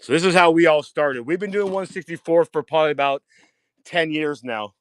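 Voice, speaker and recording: Excitable man touring his diecast stock. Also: a little high, fairly quick, clear, resonant tone, no room sound. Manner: excitable, swears freely, repeats himself. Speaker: diecast seller giving a tour. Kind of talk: casual live-stream walkthrough. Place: home storage rooms and outdoors at night.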